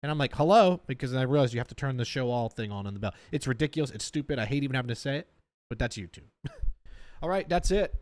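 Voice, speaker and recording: A man's voice: medium pitch, quick pace, no echo. A man hosting a reaction video, talking bluntly and heatedly straight to his viewers in a casual way.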